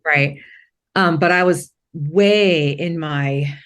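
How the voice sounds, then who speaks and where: Low-voiced woman telling stories, full of restarts. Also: slow pace, smooth. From Maine. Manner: rambling, many restarts and "like" fillers, laughs easily. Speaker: podcast guest. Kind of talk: candid conversational storytelling.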